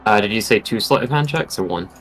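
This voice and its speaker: A man's voice: fairly low pitch, expressive, fast talker, fairly bright tone, soft background music. A man playing a tabletop game, chatting casually and matter-of-factly about the rules and his dice rolls. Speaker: player.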